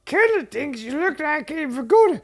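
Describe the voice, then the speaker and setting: A squeaky, gravelly puppet voice. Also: male voice, very animated, moderate pace, exaggerated voice. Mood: silly. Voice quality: high and gravelly. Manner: silly, exaggerated comic voice. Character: squeaky, gravelly male puppet-style character.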